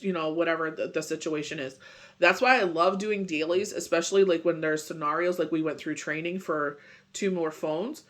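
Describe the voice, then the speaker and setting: A man's voice: fairly high pitch, a bit bright. A man giving a casual daily tarot reading, rambling with lots of "you know" and "it's just like", still getting over a bad cold. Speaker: tarot reader.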